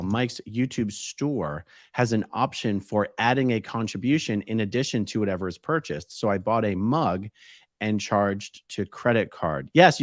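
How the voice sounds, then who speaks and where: A man co-hosting a casual live stream, reading viewer comments aloud and thinking out loud. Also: on the low side, no echo, studio quality. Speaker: co-host reading chat questions.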